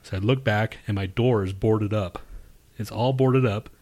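Low-voiced man telling a rambling story. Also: normal speed. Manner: rambling, profane, animated storytelling with shouted quotes. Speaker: podcast co-host. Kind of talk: casual chat, telling a dream story.

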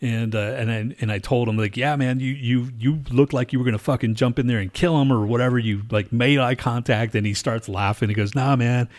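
A man's voice: medium pitch, steady tone, a little fast, few pauses. A man co-hosting a casual chat, telling a long profane story and acting out what people said. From lives in Denver. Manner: profane, rambling, acts out quotes.

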